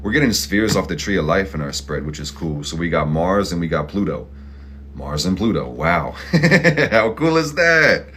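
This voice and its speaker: A man's voice: very deep voice, normal speed, slight background noise. A man hosting an astrology and tarot reading, talking in a blunt, profane, pep-talk style full of slang. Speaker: astrology and tarot channel host. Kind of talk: casual motivational tarot reading.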